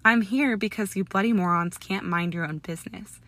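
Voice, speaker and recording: A woman's voice: mid-range voice, moderate pace. A woman reading as a snarling young wizard. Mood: angry, shouting. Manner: snarling, shouting, sneering. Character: scornful young male wizard, hot-tempered. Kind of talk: audiobook character reading.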